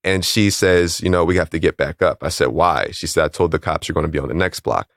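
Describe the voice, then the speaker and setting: A man with a very low voice speaks as an interview guest, recounting a personal story in a calm, measured way. He slips into the voices of the people he quotes. His voice sounds close and dry, with no room echo. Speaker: interview guest, calisthenics league founder.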